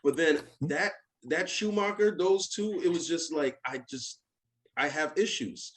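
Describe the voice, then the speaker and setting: A man's voice: fairly high pitch, measured pace. A man chatting casually as a podcast guest, joking and acting out little voices in his stories. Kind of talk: casual chat.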